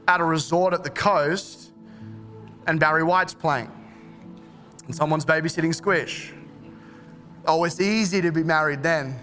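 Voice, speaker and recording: A man, preaching a sermon in a relaxed, joking way and acting out short quoted exchanges. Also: on the high side. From Australia. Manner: conversational and jokey, acts out quick quoted exchanges. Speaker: pastor.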